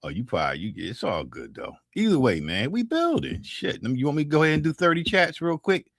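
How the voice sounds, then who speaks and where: Fast-talking and fairly high for a man, this 60-something Philadelphian swings his pitch wildly and has a fairly bright tone as he chats with livestream viewers. A beatmaker from North Philadelphia, he's loose, profane, and joking, constantly restarting. The audio is clean studio sound with no room sound.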